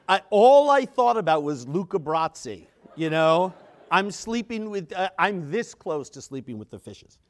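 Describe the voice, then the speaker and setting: A middle-aged man telling a story on stage at a conference and acting out the quotes. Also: on the high side. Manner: animated storyteller, acts out quotes. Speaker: conference speaker.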